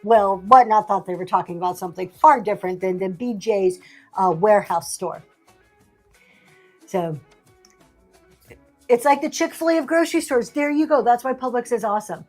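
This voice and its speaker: A woman's voice: mid-range voice, normal speed, pauses often, a little mellow, soft background music. A middle-aged woman hosting a livestream sale, chatting casually with a sassy, laughing manner. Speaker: livestream seller host. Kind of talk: casual chat.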